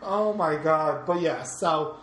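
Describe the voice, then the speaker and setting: Female podcast co-host, lower pitch, lively and giggly, in an echoey room. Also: takes it slowly, slight background noise. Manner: giggly, enthusiastic, rambling. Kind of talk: casual movie chat. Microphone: microphone set far away.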